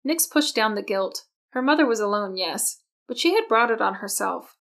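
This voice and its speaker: Woman narrator, audiobook, scripted narration, gravelly texture, mid-pitched, steady. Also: moderate pace, few pauses.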